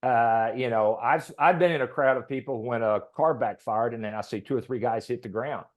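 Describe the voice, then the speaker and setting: A man's voice: mid-range voice, a little fast. Rambling middle-aged man telling a story. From Texas, USA. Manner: rambling, with fillers and soft laughs. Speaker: podcast guest, author. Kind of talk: casual storytelling.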